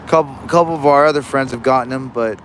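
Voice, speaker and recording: A man's voice: medium pitch, fast, fairly bright tone, a little hiss or hum. A young man in Alaska chatting casually on a fishing livestream, rambling and easygoing with many restarts, recorded outdoors in the rain on a phone.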